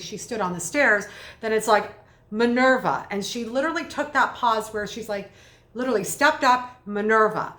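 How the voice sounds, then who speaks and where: A woman communication coach giving energetic, conversational commentary in quick bursts. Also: on the high side, roomy sound. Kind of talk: video lesson commentary.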